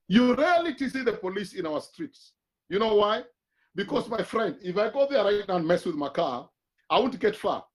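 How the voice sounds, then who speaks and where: A man with a Kenyan accent, a guest on a church TV panel, making his points with emphatic, sermon-like exhortation. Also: high voice.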